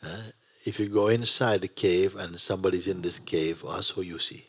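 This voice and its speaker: A man teaching a spiritual gathering in a gentle, unhurried way, often dropping to a whisper. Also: sits low, fairly even intonation, slightly rough. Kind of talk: sermon to a gathering. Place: satsang gathering.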